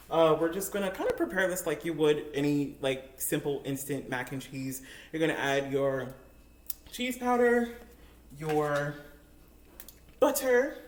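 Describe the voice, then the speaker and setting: A woman's voice: lowish voice, reverberant, a little hiss or hum. A young woman telling a casual story while she cooks in her home kitchen. She talks in a chatty, giggly way, full of likes and ums, and is picked up by a camera on a makeshift tripod. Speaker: cooking vlogger.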